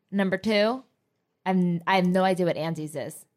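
Animated young woman, exclaiming. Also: lowish voice, normal speed. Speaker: podcast co-host. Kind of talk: casual chat.

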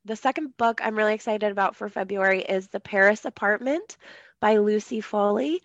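A woman's voice: mid-range voice, moderate pace, dry recording, lo-fi sound. A woman co-hosting a book podcast, chatting casually with lots of ums, her voice a little off today. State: voice a bit off. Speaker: podcast co-host. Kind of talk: casual chat about books.

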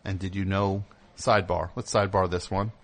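A man's voice: low voice, level tone, brisk. A man hosting a call-in radio show, reading an ad with a jokey, rambling, mock-earnest manner. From United States.

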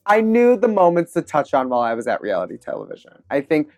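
A woman guest on a podcast, telling stories with confident, animated energy. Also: sits low, dry recording, studio quality. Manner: animated, confident, quick laughs. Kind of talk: casual interview storytelling.

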